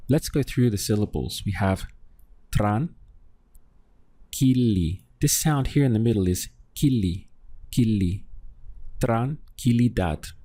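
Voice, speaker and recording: A man teaching a language lesson, patiently quizzing the listener and saying each word slowly for them to repeat. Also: lowish voice, dark tone, dry recording. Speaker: Spanish teacher. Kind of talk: slow, deliberate language lesson.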